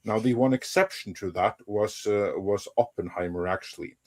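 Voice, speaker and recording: A man on a podcast panel, chatting casually in a measured, dry way. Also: on the low side, a little mellow. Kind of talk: casual chat.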